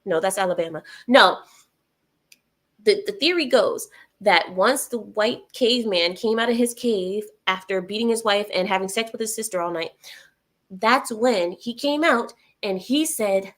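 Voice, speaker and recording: A woman talking casually on a livestream, with a voice of ordinary pitch for a woman. She reads out viewer comments and answers them sarcastically, breaking into laughter now and then. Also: unhurried. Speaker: livestream host reading chat.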